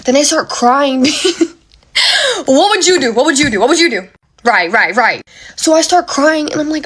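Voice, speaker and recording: Speaking briskly in a high, slightly rough voice, a young woman recounts a ghost story to her phone in a casual, slangy way. Her retelling is animated and dramatic, full of gasps and exaggeration.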